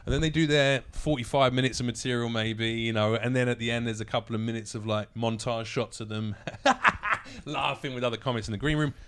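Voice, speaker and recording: Fast-talking man telling stories. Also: medium pitch. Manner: swears freely, animated storytelling. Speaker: podcast guest, comedian. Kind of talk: casual podcast chat.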